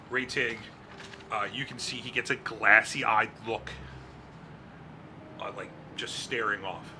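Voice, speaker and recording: A man's voice: fairly low pitch, fairly even intonation, slow, long pauses, background noise. A man narrating a tabletop game as game master, describing scenes casually with frequent fillers.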